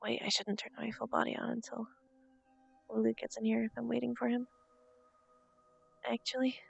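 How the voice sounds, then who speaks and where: A woman's voice: a little high, little pitch movement, normal speed, gravelly, husky. A woman streamer chatting casually, narrating to herself what she is doing while she waits for someone. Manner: thinks aloud while waiting, chatty self-narration. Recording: dull lo-fi stream audio with faint music.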